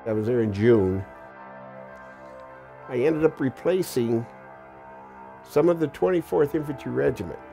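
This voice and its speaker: An elderly man in his eighties tells his war memories in a documentary interview, blunt and plain-spoken. His voice is gravelly and dark, with a warm, low tone. Faint music plays underneath. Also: lively intonation, a little slow, long pauses. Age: 80s. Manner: plain-spoken, blunt storytelling with occasional profanity.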